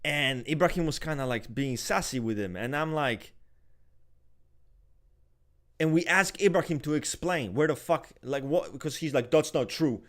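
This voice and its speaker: A man rants loudly on a casual podcast, cursing freely between laughs. His voice sits somewhat high and swings widely in pitch. He talks with lively, animated energy. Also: normal speed, pauses often. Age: adult, married. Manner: loud, swears a lot, animated ranting. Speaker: podcast co-host. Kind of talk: casual chat.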